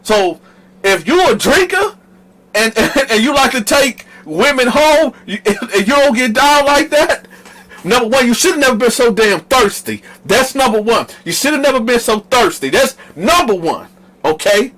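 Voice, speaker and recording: High-voiced man telling a slangy story. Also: moderate pace, poor audio. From northern United States. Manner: animated, slangy, talks straight to viewers. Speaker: host. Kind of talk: casual storytime vlog.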